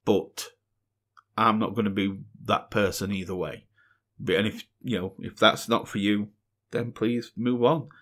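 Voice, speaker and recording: A man's voice: lowish voice, fairly even intonation, measured pace, a bit bright. A middle-aged man, talking earnestly in a casual solo Q&A and repeating phrases for emphasis. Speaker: music reaction channel host.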